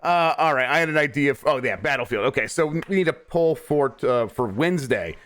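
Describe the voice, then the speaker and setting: A man's voice: medium pitch, lively intonation, a little fast, a bit bright. Tired man hosting, rambling. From United States. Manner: rambling, stumbles and restarts, laughs easily. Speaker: host. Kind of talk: casual chat.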